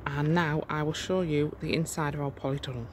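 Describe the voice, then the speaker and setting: Home gardener, casual vlog walkthrough, chatty, exclaiming, middle pitch, faint background hum. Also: fairly even intonation, a little fast. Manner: chatty, exclamatory, easily amazed. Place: inside a warm garden polytunnel.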